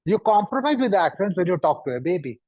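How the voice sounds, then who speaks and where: A man giving a lecture, speaking deliberately and piling up synonyms for emphasis. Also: high voice, very animated, no echo. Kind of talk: lecture to an audience. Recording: dull, dry recording.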